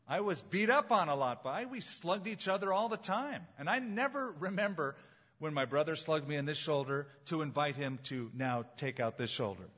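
Man, pastor, sermon, emphatic, higher voice, muffled lo-fi sound. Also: lively intonation, a bit bright, slightly rough. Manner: emphatic, slows down on key phrases.

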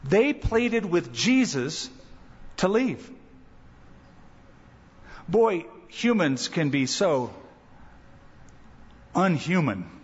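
A man preaching a sermon as pastor, animated, acting out quoted voices. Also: drawn-out words, long pauses, husky. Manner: animated, acts out quoted voices with rising pitch. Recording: dull church recording with long reverb.

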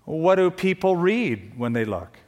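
A man's voice: a little high, very animated, unhurried, darkish tone. A male pastor preaching a sermon, earnest and practical, breaking into emphatic bursts and light jokes. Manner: earnest, with joking asides and sudden emphatic bursts.

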